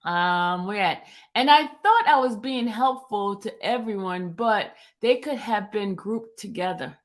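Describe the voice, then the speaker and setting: Slow-talking woman chatting to viewers. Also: mid-range voice. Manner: chatty, addresses viewers as y'all. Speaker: livestream host. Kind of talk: casual chat to viewers. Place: at home.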